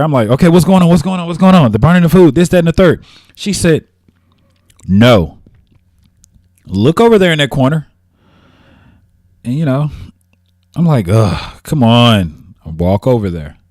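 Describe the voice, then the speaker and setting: A man's voice: fairly high pitch, lively intonation, normal speed, pauses often, darkish tone, dry recording, studio quality. Playful man joking in podcast chat. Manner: playful, jokey exaggeration. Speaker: podcast co-host. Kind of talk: casual chat.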